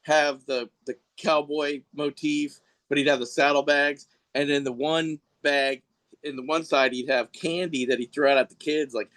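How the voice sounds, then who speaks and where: A man's voice: a little high, fairly even intonation, moderate pace, a bit bright. A middle-aged man chatting casually as a podcast guest, rambling through stories with frequent laughs. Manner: rambling, laughs often, mimics people in quotes. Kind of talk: casual chat.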